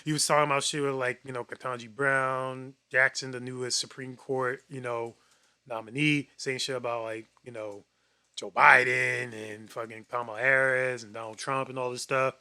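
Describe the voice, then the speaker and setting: A man's voice: mid-range voice, little pitch movement, moderate pace, bright, forceful tone, smooth. A man co-hosting a podcast, retelling a news story in a rambling casual way, full of fillers and profanity.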